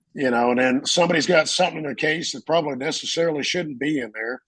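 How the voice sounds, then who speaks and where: Man, Marine veteran, husky voice, fairly high, animated storyteller, dry close sound. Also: a little fast, no echo, low-quality recording. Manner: animated storyteller, acts out voices, laughs often. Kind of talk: casual storytelling interview.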